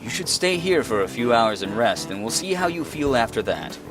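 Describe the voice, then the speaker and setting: A man's voice: mid-range voice, big pitch swings, moderate pace, music in the background, lightly acted. A man doing a dry, laid-back male school nurse. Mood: wry. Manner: dry, unbothered drawl.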